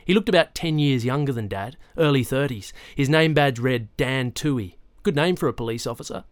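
Reading a novel aloud as an audiobook narrator, a medium-pitched man delivers scripted narration with an even, measured storytelling manner. There is no echo.

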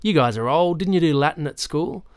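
A man voicing an eager, curious young schoolboy, high and a little awkward. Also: expressive, fairly quick, clear, resonant tone, no room sound, studio quality, close to an everyday voice.

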